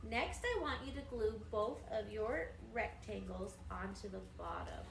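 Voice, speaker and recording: A woman's voice: medium pitch, expressive, unhurried, creaky, slight background noise. A woman preschool teacher giving patient, encouraging craft instructions to young children. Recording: roomy echo from a distant mic.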